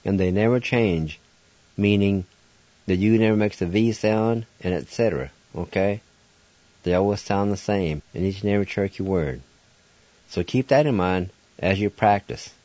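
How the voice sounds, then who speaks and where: A man's voice: lowish voice, moderate pace, a little mellow, no echo, highs cut off. A man hosting a radio language lesson who patiently spells out each word letter by letter and then pronounces it.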